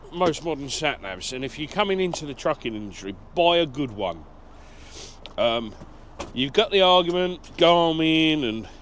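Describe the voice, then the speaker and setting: A man talking in a relaxed, rambling way from the cab of his truck, mid-range in pitch. He pokes fun at himself as he chats about his day and the comments viewers have left. The hum of a vehicle sits faintly behind him. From England. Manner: rambling, self-deprecating, chatty. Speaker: lorry driver vlogger. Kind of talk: casual vlog chat, reading comments.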